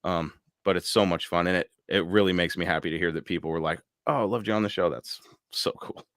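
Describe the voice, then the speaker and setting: A man's voice: sits low, fairly even intonation, fast talker, a bit bright, no room sound, studio quality. A man hosting a live podcast, chatting casually and laughing often as he reads out viewer comments. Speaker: podcast host. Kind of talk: casual live-stream chat.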